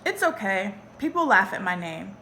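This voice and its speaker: A woman reading aloud, voicing a friendly teenage boy with a squeaky, congested voice. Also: big pitch swings, normal speed, pushed and bright, a little hiss or hum. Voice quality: squeaky, sounds like he has a cold.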